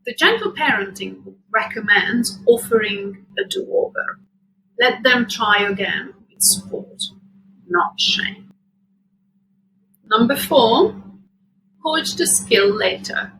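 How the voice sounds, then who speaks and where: Slow, bright-voiced woman parenting host. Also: mid-range voice, creaky, slight background noise, poor audio. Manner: calm, measured and reassuring. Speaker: podcast host. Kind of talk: scripted parenting advice talk.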